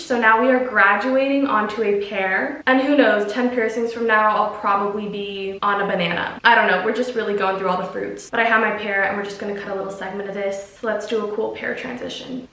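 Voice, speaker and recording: A young woman talks casually to her viewers in a home vlog, chatty and nervous. Her voice sits a little high. It is picked up from a few steps away in a room with echo. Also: steady tone, fairly quick, creaky, few pauses, sharp tone, recorded from a distance. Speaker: vlogger.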